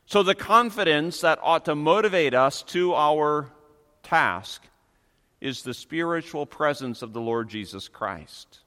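A pastor delivering a sermon, earnest and emphatic, slowing down to stress key phrases. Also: male voice, on the high side, expressive, pushed and bright, in a large hall.

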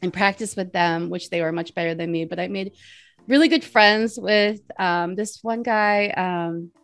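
A woman's voice: on the low side, normal speed, fairly bright tone, no room sound. Chatty woman in her forties, laughs a lot. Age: 40s. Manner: chatty, giggly, rambling with many fillers. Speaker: guest. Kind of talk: casual interview chat.

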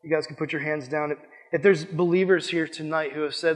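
A man's voice: fairly high pitch, fairly even intonation, brisk, big-room sound. A young man preaching a sermon, impassioned and conversational, acting out little quoted asides as he goes. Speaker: youth pastor.

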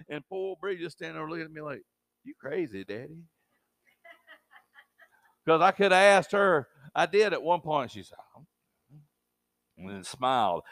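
A man preaching with a slightly raised voice, slipping into homely stories. He moves between loud and hushed passages in a dry, close sound. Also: sits high, no room sound. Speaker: pastor. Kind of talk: sermon.

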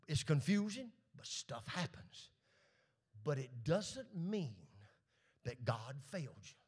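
His voice slightly rough, a male pastor delivers a call-and-response sermon, dipping into whispered low asides and climbing to shouts.

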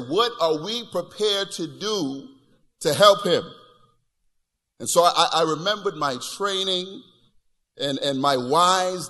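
A man preaching in a church, his voice bright and slightly high for a man. He tells animated personal stories and often restarts his words. The sound rings with a long hall reverb. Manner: animated storytelling with repeated restarts.

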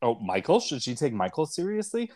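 A man's voice: medium pitch, huge pitch swings, fairly quick, background noise. A man co-hosting a casual TV recap podcast, arguing his reading of the characters methodically, point by point. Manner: argumentative, lays out points step by step. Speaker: podcast co-host.

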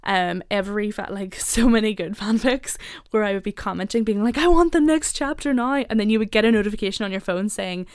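A young woman with a Northern Irish accent that drifts a little American, chatting on a podcast with quick asides and frequent laughs. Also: mid-range voice, fairly even intonation, a little mellow, smooth, no room sound, clean studio sound. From Northern Ireland. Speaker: podcast co-host. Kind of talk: casual podcast chat.

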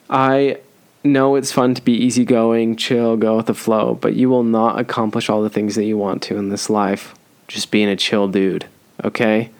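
Casual, joking young man hosting a podcast. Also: fairly low pitch. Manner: loose and joking, with frequent ums and restarts. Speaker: podcast host. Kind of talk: casual solo podcast advice.

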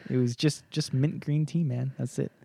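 A young man co-hosting a casual comedy podcast, telling a story in an animated way and laughing often. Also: mid-range voice, normal speed, vocal fry, breathy edge, no echo, studio quality. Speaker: podcast co-host.

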